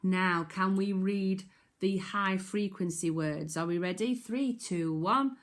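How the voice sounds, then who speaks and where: A woman teacher leading a phonics lesson for young children, speaking clearly and encouragingly in call-and-response. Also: mid-range voice, takes it slowly.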